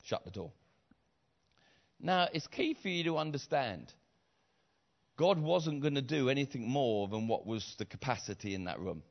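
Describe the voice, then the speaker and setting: A middle-aged man preaching a sermon, retelling a story with acted voices, repeated phrases and rising shouts. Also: medium pitch, lively intonation, moderate pace, long pauses. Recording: slightly dull lo-fi sound.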